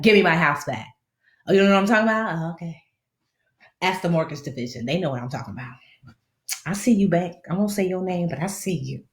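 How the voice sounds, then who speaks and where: Speaking at a fairly low pitch with reverberant sound, this personal finance host in her thirties has a slight lisp. Her live-stream advice is casual and slangy, and she animatedly, playfully mimics the people she quotes.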